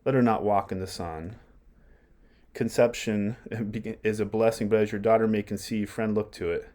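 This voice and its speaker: A man reading aloud as a young prince who acts mad to mock those around him. The lines come in a fairly low, plain reading voice. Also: fairly even intonation, moderate pace, dark tone, close to an everyday voice. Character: young prince feigning madness, mocking.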